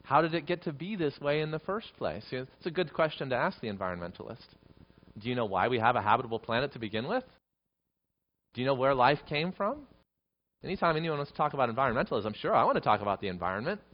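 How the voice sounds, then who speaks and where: A man in the middle of a sermon, speaking at a moderate pitch with earnest, steady conviction. He leans hard on repeated phrases and lets his voice climb and swell on them. The recording is a little dull and lo-fi. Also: quick pace. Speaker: pastor.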